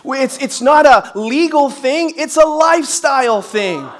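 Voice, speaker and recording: A middle-aged man preaching a sermon to a church congregation. He is energetic and emphatic, mixes in folksy humor and rhetorical questions, and rises to shouts on key phrases. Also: very high-pitched, unhurried. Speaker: pastor. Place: church service before a congregation.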